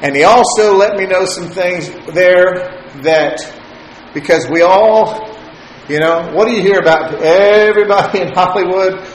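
A man gives a sermon testimony in a chatty, halting way, chuckling as he tells the story. His voice sits a little high. The room has a noticeable echo and there is faint background noise.

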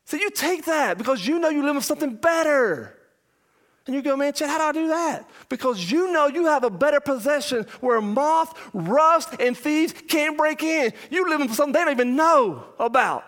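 A man, a pastor and father, preaching an impassioned verse-by-verse sermon, shouting much of it and then dropping to a low voice. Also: lively intonation, normal speed. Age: young adult or middle-aged parent.

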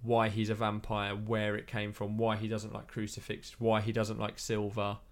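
A man's voice: on the low side, completely flat delivery, normal speed. A man chatting casually about films, rambling with many fillers and restarts. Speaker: podcast co-host.

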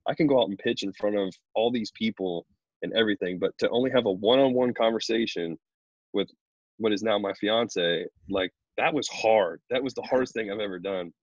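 A man, a pro baseball pitcher, chatting casually in an interview and telling stories loosely with lots of fillers. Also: a little fast, husky, dry recording, lo-fi sound. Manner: relaxed, rambling storyteller with many fillers.

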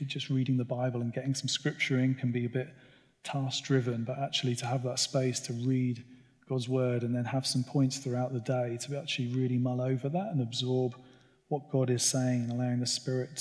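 Man, church speaker, earnest and personal, steady even pitch, long hall echo. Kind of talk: sermon talk. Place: church gathering. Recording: long reverb of a large hall.

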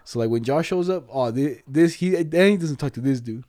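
A man in casual, profane chat, telling fast stories and acting out the people in them. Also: fairly high pitch, animated, mellow, dry recording, studio quality. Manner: fast, profane storytelling, mimics people he quotes.

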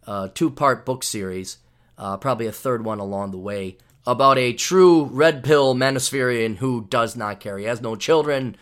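A man's voice: mid-range voice, fairly bright tone. A man from the United States hosting his own podcast in a rambling, sarcastic, mock-ranting monologue. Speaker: podcast host.

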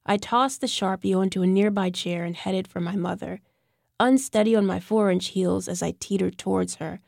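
Gravelly woman narrating a novel. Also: medium pitch, warm tone, no echo, studio quality. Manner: tense, bitter inner monologue. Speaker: audiobook narrator. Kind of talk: scripted first-person narration.

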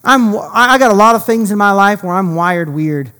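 A pastor delivering a passionate sermon in quick, animated bursts and restarting sentences often. The voice has a mid pitch and carries a long reverb from a large hall. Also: smooth.

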